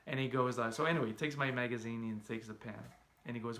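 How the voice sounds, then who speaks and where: A man's voice: mid-range voice, fairly quick. A man from Montreal with a Quebec French accent, a French speaker, telling a casual personal story and acting out the voices of the people in it. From Montreal, Canada. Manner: animated, acts out the voices of people in his story.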